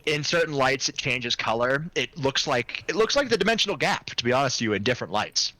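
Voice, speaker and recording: A man's voice: medium pitch, lively intonation, a little fast, bright, forceful tone, no room sound. A man playing in an online tabletop role-play, thinking aloud with restarts over a home microphone. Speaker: player. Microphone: home microphone on voice chat.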